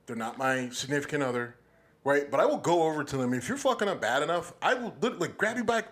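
A man with a slightly higher voice talks in a loose, heated way, swearing freely and pressing his point. He is co-hosting a casual studio chat. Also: lively intonation, quick pace, fairly bright tone. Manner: blunt and profane, heated. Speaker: podcast co-host.

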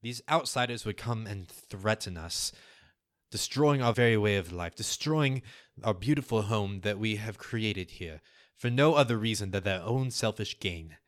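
A pompous winged fairy lord, put on by a man, speaking like a grand orator rousing his people. The voice sits low and comes across dry and close. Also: expressive, normal speed, no echo, natural voice. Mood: grandiose.

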